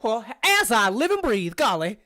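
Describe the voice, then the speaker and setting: A woman's voice: a little high, sing-song, moderate pace, bright, forceful tone. A woman voicing a tiny, bald, very old male gnome prospector who talks in folksy exclamations and stammers.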